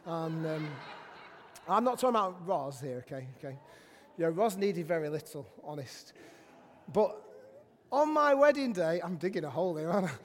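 A middle-aged English preacher with a high, animated voice delivers a sermon. He mixes self-deprecating stories with sudden shouted proclamations. The sound carries a long church-hall reverb. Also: normal speed. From England. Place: church sanctuary.

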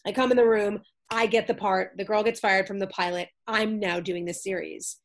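A woman guest, an actress and comedian, telling stories in casual chat, lively, acting out the voices of others and swearing freely over a remote call. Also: mid-range voice, normal speed, few pauses.

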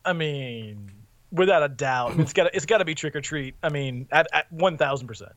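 A man with a somewhat high voice on a podcast panel, recorded dry and close. He rambles through his thoughts, stopping and restarting as he goes. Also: lively intonation, moderate pace, a bit bright, no room sound. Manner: rambling, many fillers and restarts. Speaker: podcast co-host. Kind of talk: casual podcast discussion.

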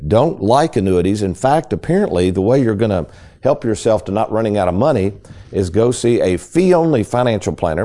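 His voice is lowish with a dark tone as he hosts a financial talk radio program. He talks in an emphatic, folksy manner, regularly calling his listeners "folks."

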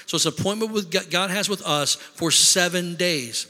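A male pastor preaches to his congregation, reading scripture at an even pace and then rising into loud, fervent exhortation. His voice sits high and ringing, with a bright edge. The sound carries a long reverb from a big sanctuary. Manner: builds from measured teaching to shouted exhortation. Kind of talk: sermon.

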